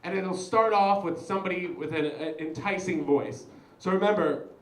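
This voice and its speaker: A young man performing a stand-up comedy set, chatty and animated, talking straight to the crowd. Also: sits high, moderate pace, echoey room, low-quality recording. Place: comedy show venue.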